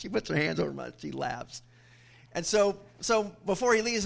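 A male pastor preaching a sermon, calling out questions to the congregation and making humorous asides, jumping much higher and louder when he voices scripture characters. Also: expressive, normal speed, vocal fry.

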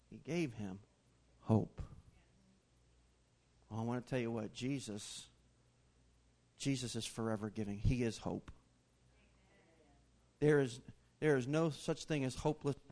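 A pastor with a mid-range voice preaches animatedly to his congregation, swinging between loud, passionate rises and soft, quiet asides. He puts questions directly to the room.

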